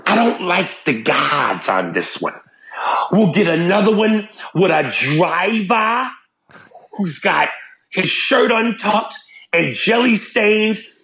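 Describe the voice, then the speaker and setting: A man doing a put-on Boston accent, playing a gruff, foul-mouthed tough guy in a mocking way. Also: sits high, a bit bright, roomy sound, pitched above the performer's own voice, heavily acted, poor audio. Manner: profane, mocking.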